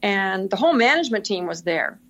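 A woman's voice: mid-range voice, very animated, brisk, a bit bright. Chatty laughing woman on a dull recording. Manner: chatty, laughs often while telling stories. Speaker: podcast guest, senior executive assistant. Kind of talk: casual interview storytelling.

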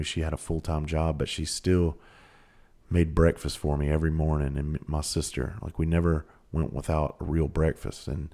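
Southern country guy podcasting, real deep dark voice, cussing and asking you straight up what you're doing. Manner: blunt and profane, with rhetorical questions. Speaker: podcast host. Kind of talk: motivational podcast monologue.

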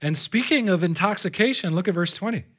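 Man, pastor preaching to a congregation; slightly high-pitched, lively delivery that jumps from exclamations to hushed asides. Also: brisk, breathy edge. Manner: animated, swings between loud exclamations and hushed asides. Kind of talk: live sermon. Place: church before a congregation.

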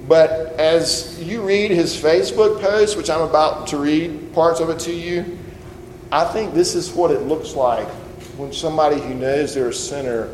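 A pastor giving a conversational sermon and leading a closing prayer. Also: male voice, fairly high pitch. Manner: conversational preaching, ending in prayer. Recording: roomy hall reverb, faint noise.

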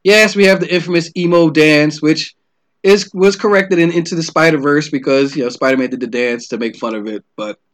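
A man's voice: a little high, brisk. A man in his thirties ranting casually about a movie, exasperated and profane, full of "like" and restarts. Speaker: movie ranter. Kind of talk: casual rant monologue.

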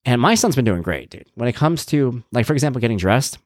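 A middle-aged man hosting a podcast, telling a family story in casual chat and acting out the voices with big jumps in pitch. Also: very animated, fast talker, no room sound, clean studio sound. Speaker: podcast host.

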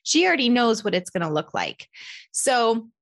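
A woman with a slightly high voice chats to her listeners in a loose, personal storytelling manner. She sounds animated and candid and pokes fun at herself. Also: moderate pace. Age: adult parent. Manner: candid, animated, self-deprecating. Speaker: podcast host.

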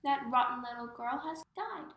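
A woman voicing a gruff huntsman with a soft heart, muttering his lines. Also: high voice, moderate pace. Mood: fawning. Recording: roomy echo.

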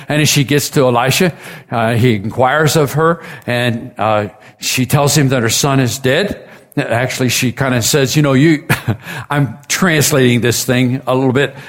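A man preaching a sermon at middle pitch. He tells the story in plain, conversational words, breaks off for asides, and voices the people in it. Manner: storytelling with chuckles and asides, acting out quotes.

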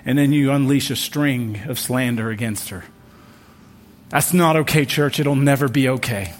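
A young male pastor preaching in a relaxed, conversational way, with joking asides and frequent restarts, in a church. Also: mid-range voice, normal speed. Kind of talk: sermon.

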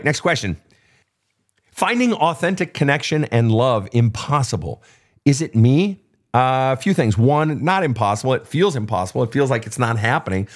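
Blunt, profane man giving advice. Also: mid-range voice. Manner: blunt and profane, emphatic repetition. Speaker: host answering listener questions. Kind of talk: unscripted advice talk.

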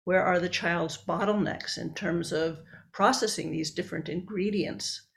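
A woman's voice: lowish voice, fairly even intonation, unhurried, vocal fry. A woman researcher and book author explaining her work step by step in an interview.

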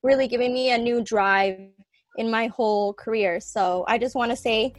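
A woman's voice: a little high, moderate pace, dry recording, faint music behind. A woman co-hosting a podcast, talking earnestly and getting emotional as she thanks listeners, laughing often. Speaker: podcast co-host. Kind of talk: casual podcast chat.

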